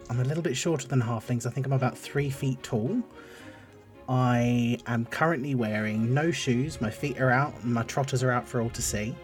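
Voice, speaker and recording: Man, tabletop player, hesitant, rambling, faint music behind. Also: medium pitch. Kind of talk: casual tabletop game play.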